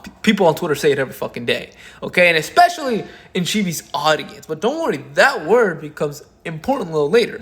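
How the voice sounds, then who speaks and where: A man's voice: sits high, fairly bright tone. A man giving a profane, mocking, rambling commentary rant. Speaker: commentary YouTuber. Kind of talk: reaction commentary.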